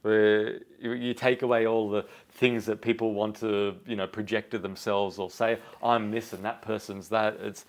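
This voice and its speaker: A man's voice: fairly low pitch, little pitch movement, normal speed, few pauses. A man hosting a casual interview, friendly and easygoing, laughing often. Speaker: podcast host.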